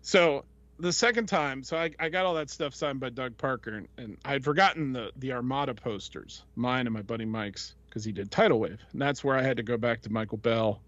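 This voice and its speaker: A man's voice: mid-range voice, brisk, a bit bright, no echo. A man hosting a podcast, telling a casual, rambling story full of fillers and voices he quotes. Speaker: podcast host. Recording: dull lo-fi, dry sound.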